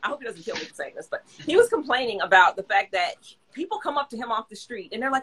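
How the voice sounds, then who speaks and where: Fast, bright-voiced woman hosting a podcast. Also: fairly high pitch, slightly rough, rough recording. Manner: animated, laughing, quick storyteller. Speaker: podcast host. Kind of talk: casual podcast chat.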